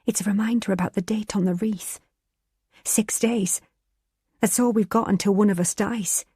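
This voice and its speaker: A woman's voice: medium pitch, steady tone, normal speed, dark tone, slightly rough, no room sound, studio quality, voice pushed up. A woman voicing a nervous, fearful young woman speaking with urgency.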